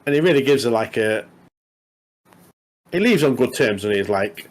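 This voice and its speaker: A man's voice: medium pitch, expressive, normal speed, rough recording. A man recapping a show on a casual podcast. His talk rambles along, full of tag questions like "doesn't he" and "mate". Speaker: podcast co-host. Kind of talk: casual chat recapping a TV episode.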